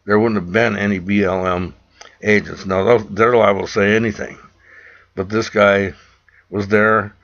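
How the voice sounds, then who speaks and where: A man's voice: on the low side, creaky, a bit bright. A man from the United States speaking straight to camera in an urgent, preachy rant, often repeating himself. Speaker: vlogger. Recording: dull lo-fi recording.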